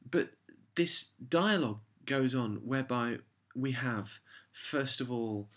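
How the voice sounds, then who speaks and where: A man's voice: mid-range voice, expressive, slow, a bit bright. A man delivering a casual, rambling review monologue, sarcastic and exasperated. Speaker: show reviewer.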